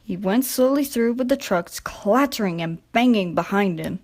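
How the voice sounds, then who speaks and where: A woman reading a children's railway storybook aloud, gentle and expressive. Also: mid-range voice, moderate pace. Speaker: storybook narrator.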